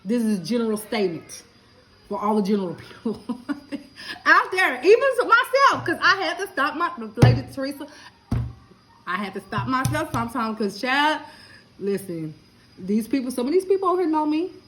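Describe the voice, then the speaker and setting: Animated chatty woman. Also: high voice, normal speed, a little hiss or hum, rough recording. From Lubbock, Texas. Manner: chatty, animated, laughing, talks straight to viewers. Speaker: Facebook live streamer. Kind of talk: casual live-stream chat to viewers.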